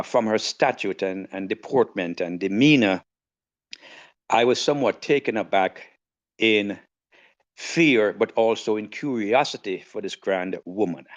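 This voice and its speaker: Older man, formal tribute, unhurried, dull lo-fi recording. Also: on the low side. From Jamaica. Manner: formal, measured and elaborate. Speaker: podcast guest. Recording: dull lo-fi audio.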